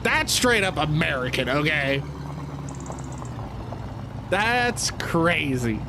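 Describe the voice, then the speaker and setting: Slow-talking, higher-voiced male streamer. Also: noisy background. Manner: animated, incredulous, laughs often. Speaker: live-stream gaming host. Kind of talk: casual live-stream chat.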